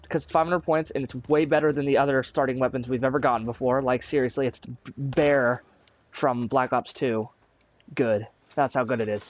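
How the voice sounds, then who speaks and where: Rambling young man narrating his gameplay. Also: medium pitch. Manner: rambling, chatty, frequent fillers and restarts. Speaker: gaming YouTuber. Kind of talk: casual gameplay commentary. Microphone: console recording software.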